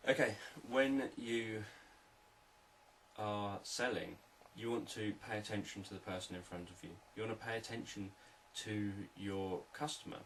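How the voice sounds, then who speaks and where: A man, a hypnotherapist, explaining sales techniques in a calm, repetitive, unscripted teaching talk. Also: lowish voice, unhurried, distant mic, a little hiss or hum, low-quality recording.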